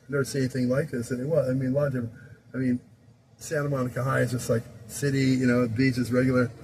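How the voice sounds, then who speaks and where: A man's voice: medium pitch, level tone, racing. A man in his sixties from Southern California tells a loose, rambling story about his school days, chuckling often. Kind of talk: casual rambling anecdote. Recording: clear traffic noise behind.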